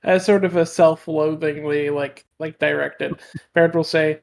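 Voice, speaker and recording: A man's voice: a little high, steady tone, measured pace, creaky, a little mellow, a little hiss or hum. Hesitant man explaining his move. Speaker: player. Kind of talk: tabletop game talk.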